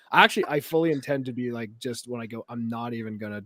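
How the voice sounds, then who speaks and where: A man's voice: mid-range voice, brisk, no room sound. A man from Canada co-hosting a wrestling podcast, chatting casually and joking around. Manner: animated, jokey, acts out voices. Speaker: podcast co-host. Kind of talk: casual chat.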